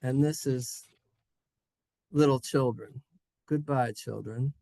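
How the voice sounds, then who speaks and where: A man's voice: mid-range voice, slow, vocal fry, warm tone, no echo. A man teaching Hebrew in a playful class, goofy and self-mocking, spelling words out letter by letter. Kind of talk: playful online class lesson.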